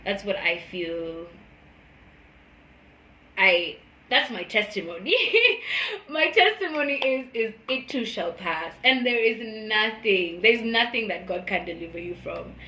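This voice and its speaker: A woman's voice: expressive, a little slow. Earnest woman in an echoey room. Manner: earnest, emotional, swings from soft and low to loud and high. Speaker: vlogger. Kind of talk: casual spoken testimony.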